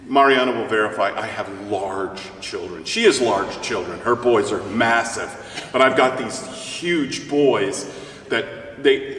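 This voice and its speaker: A middle-aged male opera singer talking as an interview guest, joking and rambling as he tells stories. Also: mid-range voice. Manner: joking, rambling, animated storyteller. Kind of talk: casual interview chat. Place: church. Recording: roomy church hall, mic at a distance, faint hiss.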